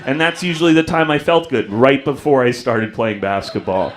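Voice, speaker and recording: Stand-up comic, young man, story-driven set, jumps into character voices. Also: normal speed. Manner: storytelling, acts out voices with big pitch jumps. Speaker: stand-up comedian. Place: comedy club stage.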